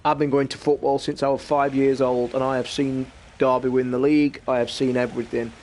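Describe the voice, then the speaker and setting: A middle-aged man, livestreaming a game while ranting and shouting over a football match. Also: mid-range voice, fairly quick, a little hiss or hum. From England. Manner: excitable and sweary, shouting at football. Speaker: gaming streamer. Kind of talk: live stream commentary while gaming and watching football.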